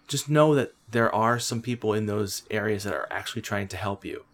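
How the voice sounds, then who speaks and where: A man's voice: on the low side, a little fast. A man co-hosting a podcast, talking earnestly and supportively in casual chat, often restarting his sentences. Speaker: podcast co-host.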